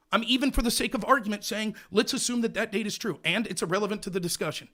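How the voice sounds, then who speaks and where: Loud, fast-talking male host. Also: extremely high pitch. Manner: loud, passionate, repetitive hectoring questions. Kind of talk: heated call-in debate.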